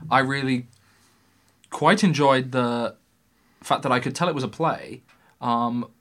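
A man's voice: mid-range voice, measured pace, fairly bright tone. Earnest young man explaining a film. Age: young adult. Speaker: podcast co-host. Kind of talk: casual film discussion.

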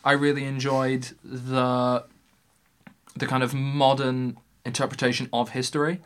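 A man's voice: mid-range voice, little pitch movement, a little slow, fairly bright tone, clear, resonant tone. Earnest young man explaining a film. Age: young adult. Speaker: podcast co-host. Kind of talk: casual film discussion.

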